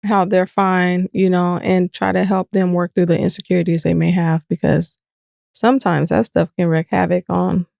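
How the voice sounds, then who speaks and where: A podcast co-host with a lowish, creaky voice talks at normal speed in a dry, clean studio recording. Her casual chat is candid and reflective, growing animated when she retells something.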